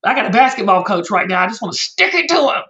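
A woman's voice: medium pitch, big pitch swings, fast talker, sharp tone. A woman guest on a podcast, speaking earnestly and emotionally in a folksy, heartfelt way. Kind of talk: heartfelt conversational interview. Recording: echoey room, dull lo-fi sound.

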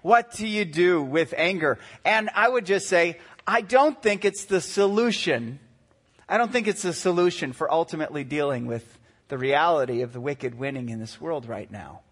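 A man in his forties, a pastor preaching a sermon, animated and acting out quotes in shifting voices. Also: a little high, normal speed. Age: 40s.

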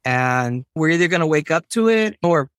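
Emphatic American professor, dry close sound. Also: male voice, a little high, moderate pace, smooth, no room sound. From United States. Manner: animated, emphatic, digressive. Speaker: professor, podcast guest. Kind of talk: casual interview talk.

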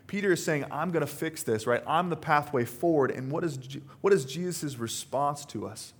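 A man's voice: on the high side, expressive, brisk, slightly rough. A man, a pastor, preaching a conversational sermon, tagging lines with "right?" and acting out quoted words.

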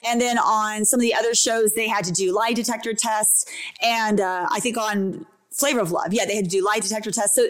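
A woman's voice: medium pitch, fairly bright tone. A woman interviewing a guest in a conversational way, musing aloud and then asking probing questions.

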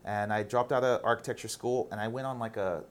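A man's voice: on the low side, fairly even intonation, brisk. A man in his thirties, a guest on a casual interview, telling stories candidly and animatedly, with some casual swearing.

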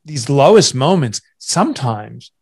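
A man's voice: mid-range voice, very animated, measured pace, a little mellow, husky. A man in his forties, a guest entrepreneur and author, telling his story candidly in an interview, earnest and at times choked up. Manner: earnest, confessional, restarts often. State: emotional, voice catching.

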